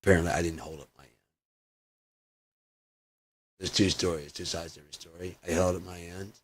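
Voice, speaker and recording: Brief: man with a lowish voice, ranting vlogger, swearing, loud bursts then mutters. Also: fairly even intonation, a little fast, husky. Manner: profane, swings from loud outbursts to muttering. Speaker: video blogger. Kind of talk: ranting personal monologue.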